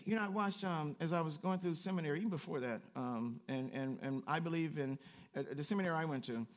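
A man with a high, light voice preaches to his congregation in an animated, playful way. He swings from quiet, reflective stretches to bright, teasing call-outs, with a Southern Black way of speaking. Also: fast talker. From United States. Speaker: pastor. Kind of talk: sermon.

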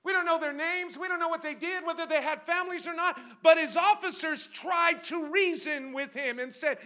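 Preacher guy with a really high, super bright voice, goes from mumbling asides to full-on shouting at the church. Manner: swings from quiet asides to shouted, drawn-out exhortation; emphatic, repeats phrases and asks the crowd questions. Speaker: guest preacher. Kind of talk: sermon.

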